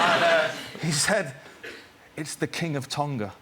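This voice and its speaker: A man from England telling a wry anecdote as a chat show guest in a relaxed, understated way. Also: on the high side, slow. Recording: noisy background behind the voice.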